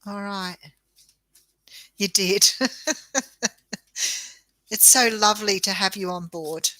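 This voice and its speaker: Bright-voiced Australian woman reading tarot. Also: mid-range voice, steady tone, slow, no echo. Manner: chatty, reassuring, laughs often. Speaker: tarot reader. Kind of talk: live-stream tarot reading.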